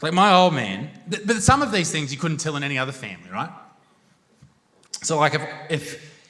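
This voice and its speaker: A man's voice: fairly high pitch, very animated, moderate pace, pushed and bright. Brash Australian man doing stand-up. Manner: crude, swearing, brash storytelling. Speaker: stand-up comedian. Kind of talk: stand-up comedy set. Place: comedy venue stage with live crowd.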